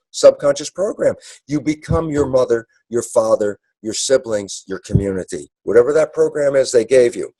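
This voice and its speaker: Mellow husky man lecturing emphatically. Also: on the high side, no room sound, rough recording. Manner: acts out dialogues in quick asides. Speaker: speaker. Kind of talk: animated lecture.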